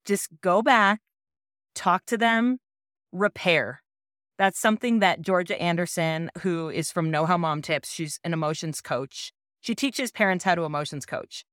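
A woman's voice: lowish voice, a little slow, fairly bright tone, no echo, clean studio sound. A woman podcast host telling a personal parenting story in an earnest, reassuring way.

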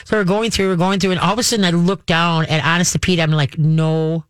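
A woman telling a personal story to her viewers in a rambling, halting way, full of restarts and folksy sayings. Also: lowish voice, dry recording.

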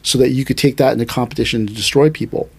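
Guy teaching martial arts on a podcast, animated, restarts a lot, mid pitch. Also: gravelly, husky. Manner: animated, thinks aloud with restarts and quick asides. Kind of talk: casual podcast conversation.

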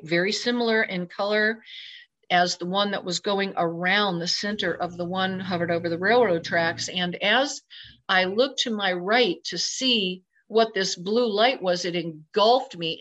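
A woman's voice: medium pitch, fairly bright tone. A woman recounting a personal experience in conversation, acting out her own inner thoughts as she goes. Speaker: interview guest. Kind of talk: personal account told in conversation. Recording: slightly dull lo-fi recording.

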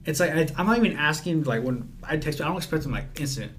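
A man's voice: a little high, lively intonation, fast, a little hiss or hum. An eighteen-year-old man, a podcast guest, talking casually and rambling as he acts out his text exchanges. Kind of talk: casual chat.

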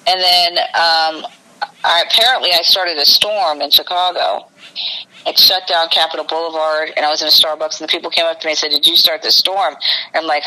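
Bright-voiced woman telling a rambling story. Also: lowish voice, normal speed, poor audio. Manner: rambling, breathless personal storytelling. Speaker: guest. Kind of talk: casual interview storytelling.

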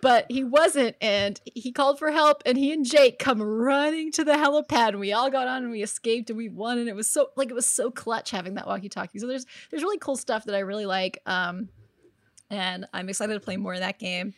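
A woman's voice: fairly high pitch, brisk, no room sound, clean studio sound. A young woman co-hosting a casual gaming podcast, telling stories animatedly with lots of "like" and laughter. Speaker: podcast co-host.

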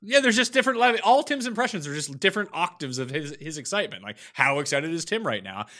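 A teasing podcast co-host in casual chat who keeps questioning the others with mock disbelief. His pitch swings a great deal, and his tone is bright and a little sharp. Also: big pitch swings, fast. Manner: teasing, incredulous.

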